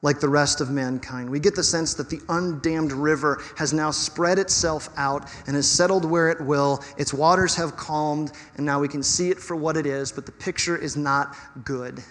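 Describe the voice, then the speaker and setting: A man preaching a sermon as pastor, conversational and animated, asking his listeners rhetorical questions. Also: fairly high pitch, normal speed, few pauses. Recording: long reverb of a hall.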